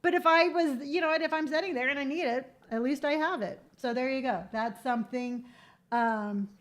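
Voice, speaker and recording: An older woman chatting frankly to camera as a vlogger, giving tattoo advice with quick asides and playful quoted voices. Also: high-pitched. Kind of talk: casual chat to camera.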